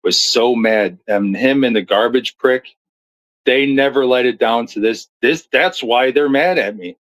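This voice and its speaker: A man's voice: mid-range voice, measured pace, fairly bright tone, poor audio. A man commentating on clips and reading viewer comments in a blunt, profane, storytelling manner. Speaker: streamer commentator.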